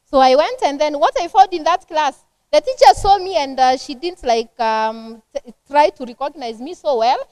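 A middle-aged Kenyan woman leads a church parenting seminar in a high, bright-sitting voice. She teaches in a lively, conversational way, acting out little household scenes. The sound is dry, with almost no room around her. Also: normal speed, dry recording. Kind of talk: seminar talk to a church women's group.

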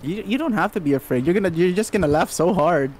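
A woman hosting a casual co-op gaming stream, laughing a lot and repeating words in quick bursts. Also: lowish voice, lively intonation, darkish tone, a little hiss or hum. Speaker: streamer host.

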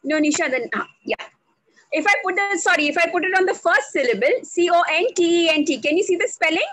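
A woman teaching on a video call, slow and deliberate, spelling out words letter by letter. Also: very high voice, a bit bright, dry recording, rough recording. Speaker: English language trainer. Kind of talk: online speaking workshop.

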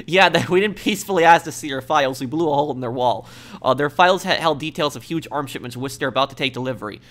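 A man's voice: medium pitch, lively intonation, fast, fairly bright tone. A man giving casual let's play commentary. He is chatty, reads in-game messages aloud and uses a lot of fillers.

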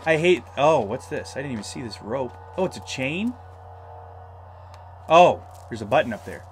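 Jumpy, lively gaming man. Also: medium pitch, moderate pace, long pauses, a little hiss or hum. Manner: excitable, shouts in fright, talks himself through scares. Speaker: gamer. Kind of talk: let's play commentary.

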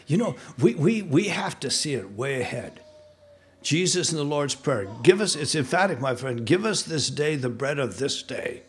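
A man from the United States preaching a sermon in a church, animated and pressing, rising loud on key points and asking the congregation questions. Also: fairly high pitch, moderate pace. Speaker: pastor. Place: church sanctuary.

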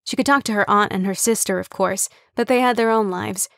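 A woman narrating an audiobook with even, wry storytelling on a close studio mic. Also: medium pitch, fairly quick, vocal fry, no room sound. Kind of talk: scripted narration.

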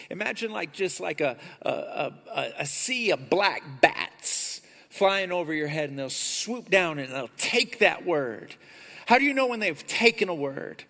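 High-voiced, animated preaching pastor. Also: male voice, a little slow, creaky, in a large hall. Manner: animated preaching, rising loud on key points. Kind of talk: sermon. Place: church sanctuary.

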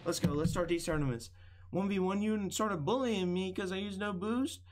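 A man's voice: high-pitched, moderate pace. A young man hosting a live gaming stream, chatting casually with viewers, upbeat and hyped, repeating himself and apologizing often. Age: young adult. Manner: upbeat and hyped, greets chat by name, repeats phrases, apologetic. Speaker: livestreamer hosting viewer tournaments.

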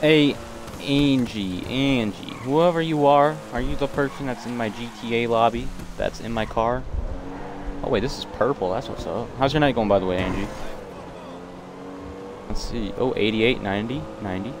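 A man's voice: medium pitch, normal speed, noisy background. A young man casually live-streaming a game, joking with chat and bantering playfully with in-game characters.

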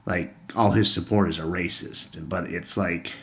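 A young man talks straight to the camera in a casual rant. His voice sits a little low. He is blunt and sarcastic and swears freely. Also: steady tone, a little slow, fairly bright tone. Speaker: political commentator.

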